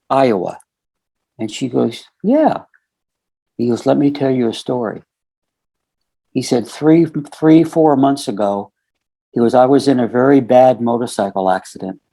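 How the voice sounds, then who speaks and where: A mellow, medium-pitched voice belongs to an American man in his sixties. He's a podcast guest spinning a long story, retelling conversations with plenty of quoted lines in a storytelling interview.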